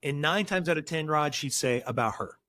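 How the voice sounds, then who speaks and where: A man's voice: a little high, fairly quick, pushed and bright. A middle-aged man, a counselor guest on a podcast, speaking earnestly and with emphasis, acting out bits of dialogue as he tells stories. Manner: earnest, emphatic, acts out dialogue while storytelling. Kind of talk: podcast interview.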